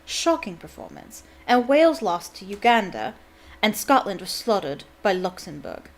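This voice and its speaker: A blunt, gloomy young man, voiced by a woman reading aloud. He speaks loudly and shortly about a lost match. A storybook reading with a sporty, downbeat edge. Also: mid-range voice, wildly swooping pitch, moderate pace, creaky.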